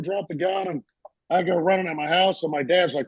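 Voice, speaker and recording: Gravelly man telling a tale. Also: high voice, a little fast, no room sound. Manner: animated, acts out voices in his stories. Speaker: podcast co-host. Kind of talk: casual storytelling.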